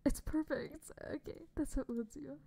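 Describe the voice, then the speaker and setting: A young woman streaming a game, chatting casually and bubbly with her viewers, often dropping to a soft whisper. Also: high-pitched, fairly even intonation, moderate pace, creaky. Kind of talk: casual livestream chat. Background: faint background music.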